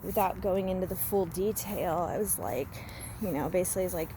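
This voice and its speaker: A woman vlogging casually while walking outdoors in the woods. She talks in an expressive, engaging way, with lots of fillers. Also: on the low side, brisk, noisy background. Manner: expressive, animated delivery with many fillers. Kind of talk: casual walk-and-talk vlog.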